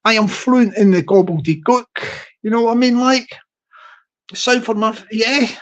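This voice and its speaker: A middle-aged YouTube streamer rambles casually with his viewers, playful and self-amused, stretching out place names and laughing often. His voice is high-pitched yet steady, fairly bright, at a moderate pace.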